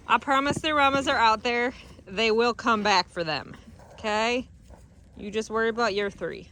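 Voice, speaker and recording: A young woman speaks at normal speed in a slightly high, fairly bright voice with an Upper Midwest American accent. Working with livestock out on a cattle farm, this vlogger narrates casually, somewhat breathless, and chats playfully to the animals in a sing-song.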